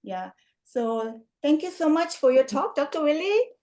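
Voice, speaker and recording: A woman's voice: sits high, big pitch swings, measured pace, mellow. A woman hosting a class discussion on a video call, chatty and hesitant with many fillers. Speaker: host and course teacher. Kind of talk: casual online discussion.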